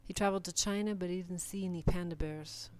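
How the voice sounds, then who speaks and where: Woman reading lit prose out loud, low voice, pretty flat, careful pacing. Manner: measured, deliberate reading of numbered passages. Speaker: reader.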